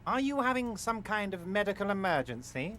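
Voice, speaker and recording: An actor playing a smooth, falsely reassuring union boss in a video game, oily in manner. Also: male voice, high voice, sing-song, brisk, a bit bright. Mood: mocking concern. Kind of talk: game voice acting. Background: game music.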